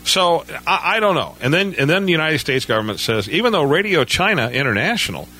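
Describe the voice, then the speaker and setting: A man's voice: on the high side, sing-song, a little fast, bright, forceful tone. A man speaking as a guest on a radio talk show, telling stories conversationally with stammered starts and frequent "you know".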